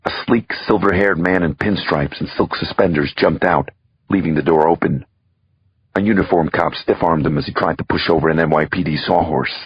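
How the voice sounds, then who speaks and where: A man narrating a crime thriller audiobook in the first person, with a raspy voice and tense, dramatic reading. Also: deep voice, normal speed, no echo, muffled recording.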